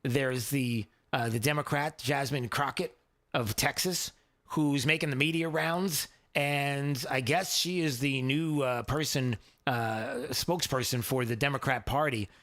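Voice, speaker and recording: A man hosting a talk radio show, giving opinionated commentary in a mocking tone, often halting with fillers. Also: mid-range voice, a bit bright.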